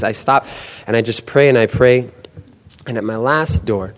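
A young man giving an animated testimony, acting out the voices in his stories. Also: mid-range voice, normal speed. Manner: animated storytelling, acts out quoted voices. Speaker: student book canvasser. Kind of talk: testimony talk. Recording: long hall reverb.

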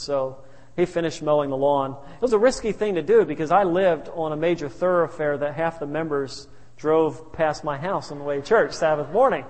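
A man's voice: on the high side, normal speed, a little mellow. A male pastor telling stories in a sermon, humorous and anecdotal with chuckling asides. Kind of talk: sermon storytelling. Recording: reverberant hall.

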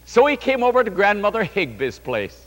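Animated male preacher in an echoing hall. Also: sits high, fairly quick. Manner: animated storytelling, addresses the congregation. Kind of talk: sermon.

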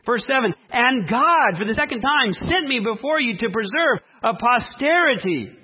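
A man preaching a sermon, reading scripture dramatically and speaking with emphasis and long pauses. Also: extremely high pitch, expressive, muffled recording, a little hiss or hum. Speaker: pastor.

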